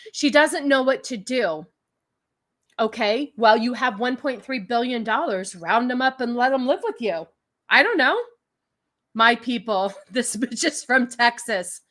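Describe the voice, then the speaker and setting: Sarcastic high-voiced woman streamer. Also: unhurried, fairly bright tone. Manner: sarcastic, mocking, laughs often, repeats "okay?". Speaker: podcast host. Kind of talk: casual livestream chat.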